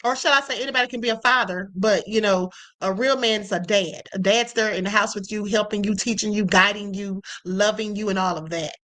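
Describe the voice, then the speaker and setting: A woman's voice: mid-range voice, brisk, hardly any pauses, fairly bright tone. A middle-aged woman hosting a live stream, talking casually to her viewers, calling them y'all and tagging lines with "okay?". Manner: chatty, addresses viewers as y'all, frequent "okay?". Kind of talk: live-stream commentary reading chat.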